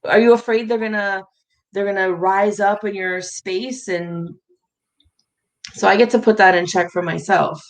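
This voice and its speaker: A woman's voice: medium pitch, steady tone, measured pace, poor audio. Talkative woman guest telling stories. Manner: warm storytelling, laughs often. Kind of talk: casual interview conversation.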